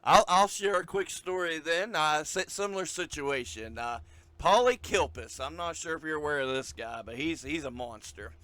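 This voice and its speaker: A man's voice: a little high, lively intonation, moderate pace, bright, forceful tone, dry recording. A man hosting a podcast in casual chat, enthusiastic and swearing freely as he tells a story. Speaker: podcast host.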